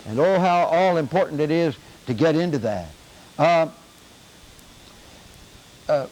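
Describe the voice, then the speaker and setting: An older man leads a Bible class in an earnest lecture style. He repeats his key phrases for emphasis. His voice sits somewhat high for a man. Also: a little mellow, poor audio. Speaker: Bible teacher.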